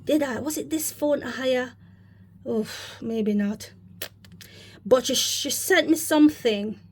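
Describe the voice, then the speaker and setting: A woman's voice: sits high, slow pace. Rambling woman vlogger preaching. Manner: rambling, repeatedly addresses viewers as brothers and sisters. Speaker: religious vlogger. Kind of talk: casual spoken religious commentary.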